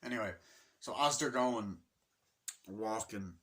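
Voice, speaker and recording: A young man giving a casual, rambling movie review, swearing often and filling pauses with ums. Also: lowish voice, a bit bright. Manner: rambling and profane, full of fillers.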